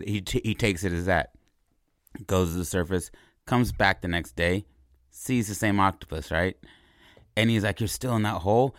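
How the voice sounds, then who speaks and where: A man with a deep, low voice spins out a movie idea as a loose, rambling story. He stumbles over words and keeps checking in with his listeners. The sound is dry and close, with no room echo. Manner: rambling and animated, repeats words, asks "right?". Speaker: podcast host pitching a movie idea. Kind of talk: casual storytelling.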